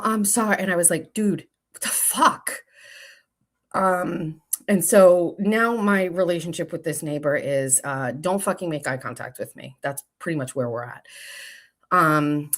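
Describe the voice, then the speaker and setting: Low-voiced lady host rambling through a story, swears a lot, stops to talk to people in the office. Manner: chatty, swears freely, breaks off to talk to others. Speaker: show host. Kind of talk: casual storytelling to a live audience.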